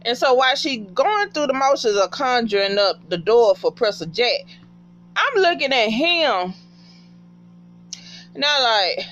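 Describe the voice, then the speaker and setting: Animated profane woman recapping a show. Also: a little high, unhurried, highs cut off, slight background noise. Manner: animated, profane, talks back to the characters. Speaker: TV episode recapper. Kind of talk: casual TV recap.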